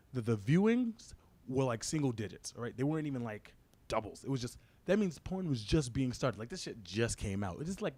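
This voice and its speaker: Fast-talking man doing crude stand-up. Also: medium pitch, mellow. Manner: fast, crude storytelling with frequent "right?" asides. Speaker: stand-up comedian. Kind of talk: stand-up comedy routine.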